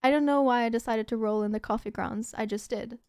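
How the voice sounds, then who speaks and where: Giggly high-voiced woman streamer. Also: fast talker, darkish tone, smooth, no echo. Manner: giggly, laughs often. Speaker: streamer host. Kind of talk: casual livestream chat.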